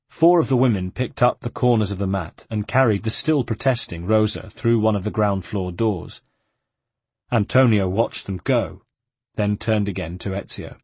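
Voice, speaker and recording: A male narrator reads a novel aloud in a measured, steady way. His voice sits low with a husky edge. The recording is dry and close, with no room sound. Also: no echo. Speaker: audiobook narrator. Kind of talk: scripted narration.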